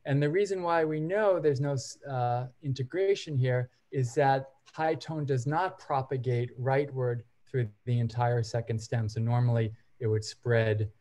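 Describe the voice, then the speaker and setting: A man gives an academic seminar lecture in a mid-range voice. He explains methodically, point by point, and sometimes pauses on brief hesitation fillers. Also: mid-range voice, steady tone, warm tone. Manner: methodical, explains step by step while walking through examples. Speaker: seminar presenter.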